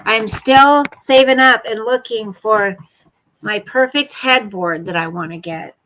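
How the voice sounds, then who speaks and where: A woman's voice: a little high, a little slow, a bit bright, poor audio. A woman hosting a casual livestream, talking bluntly and rambling to her chat and her pet at home. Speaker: livestream host. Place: home room.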